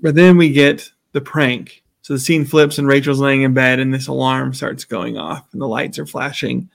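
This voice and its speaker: A man's voice: mid-range voice, fairly even intonation, normal speed, gravelly. A man co-hosting a podcast, chatting casually as he retells the scenes of a TV episode and acts out the characters' lines. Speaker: podcast co-host. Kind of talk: casual chat recapping a TV episode.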